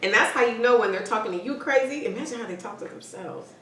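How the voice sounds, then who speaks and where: A woman co-hosting a podcast who jumps in with quick reactions and jokes. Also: fairly high pitch, fairly bright tone. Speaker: podcast co-host. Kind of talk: casual chat. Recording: echoey room, distant mic.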